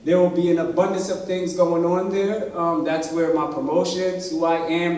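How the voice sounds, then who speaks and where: A middle-aged man with a fairly high voice addresses a community gathering as a dance instructor, chatty and upbeat, leaning into emphatic urging. He sounds distant from the mic in a very echoey hall, with faint noise underneath. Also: flat delivery, normal speed, few pauses, darkish tone. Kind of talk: community presentation. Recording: echoey room, picked up from far off.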